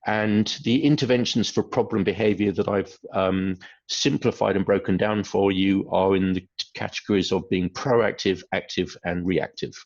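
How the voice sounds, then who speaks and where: Low gravelly man, lo-fi webinar. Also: fairly even intonation, moderate pace, darkish tone. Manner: hesitant, many fillers, acts out quoted phrases. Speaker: webinar presenter on behaviour. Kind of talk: lecture. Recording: dull lo-fi webinar audio.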